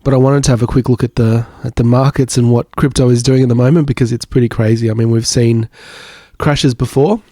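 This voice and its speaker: A man with a croaky voice from recent illness, talking casually about markets as a channel host, hesitant with many fillers and restarts. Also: mid-range voice, steady tone, a little fast, warm tone, no room sound, clean studio sound. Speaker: crypto YouTuber.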